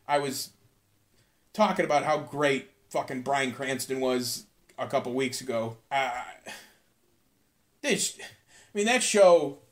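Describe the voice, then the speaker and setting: A man hosting a solo podcast, talking in a rambling, profane, excitable way, tired out. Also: mid-range voice, takes it slowly, pauses often. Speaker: podcast host. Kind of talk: casual solo podcast rant.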